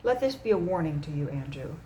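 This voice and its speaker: A woman voicing a calm, measured man who leads a secret society, speaking gently and matter-of-fact in an audiobook reading. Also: deep voice, a little hiss or hum, rough recording.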